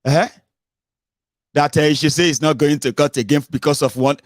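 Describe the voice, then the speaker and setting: A middle-aged man with a Nigerian accent giving casual political commentary from home as a show host, animated and full of rhetorical questions, slipping into pidgin and leaping up in pitch. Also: moderate pace, no echo, clean studio sound. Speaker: radio and online show host.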